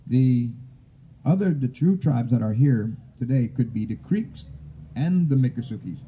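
A man from Florida giving an informal oral history talk, unhurried and rambling, with frequent hesitations. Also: medium pitch, animated, mellow, slightly rough. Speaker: tribal speaker. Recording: dull lo-fi recording.

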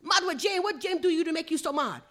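A woman's voice: sits high, moderate pace, voice pushed up. An older woman reading the part of a male friend who asks a fisherman what is wrong. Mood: curious. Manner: lively questioning, storytelling read-aloud.

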